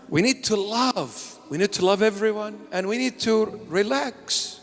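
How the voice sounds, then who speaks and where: Man, bishop preaching, fairly high voice, pleading and fervent, long hall echo. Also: expressive, measured pace, few pauses, fairly bright tone. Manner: impassioned, pleading, with joking asides. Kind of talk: sermon. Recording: long hall reverb with faint music.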